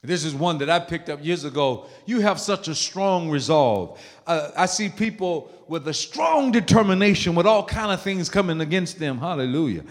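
A man preaching a sermon in a church, emphatic, swinging from soft quoted words to shouted exhortation. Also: on the high side, expressive, moderate pace, hardly any pauses. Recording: long reverb of a large hall.

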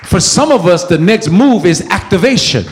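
Casting: male pastor, high tenor, emphatic call-and-response sermon, long church-hall echo. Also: animated, normal speed, some chatter behind. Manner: emphatic, call-and-response preaching with sudden loud peaks.

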